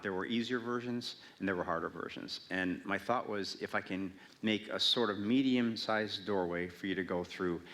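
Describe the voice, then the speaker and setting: A man speaking a little low in pitch answers audience questions at a library event. He is casual and wry, and he jokes about himself as he goes. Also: fairly bright tone. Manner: wry, self-mocking humor. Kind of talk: casual Q&A talk. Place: public library event hall.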